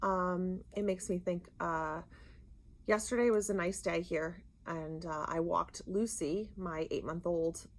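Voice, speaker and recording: A woman co-hosting a knitting podcast in casual chat, telling stories with lively acted-out quotes and a Rhode Island accent. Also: slow pace. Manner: animated storyteller, acts out quotes with big pitch jumps. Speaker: podcast co-host.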